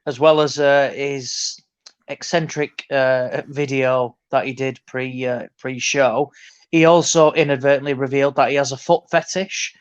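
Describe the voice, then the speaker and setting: A man's voice: medium pitch, steady tone, measured pace, clean tone, dull audio. A man telling stories in casual podcast banter, hesitant with many fillers. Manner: hesitant, filler-heavy storytelling. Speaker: podcast co-host.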